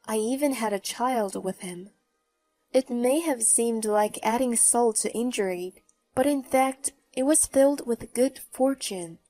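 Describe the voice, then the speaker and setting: Woman narrator for a first-person story; mellow, mocking edge. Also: fairly high pitch, no echo. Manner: mocking, even-toned. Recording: faint background music.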